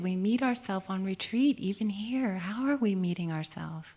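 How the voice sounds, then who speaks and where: A woman meditation teacher giving a dharma talk on retreat, gentle and reflective, often asking questions and laughing easily. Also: mid-range voice, moderate pace.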